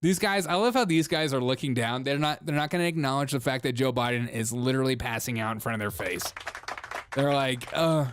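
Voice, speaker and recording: A man's voice: mid-range voice, brisk, clear, resonant tone, no echo. A young man hosting a comedic political livestream, joking, laughing often and reading chat comments aloud. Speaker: live stream host. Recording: music playing behind the voice.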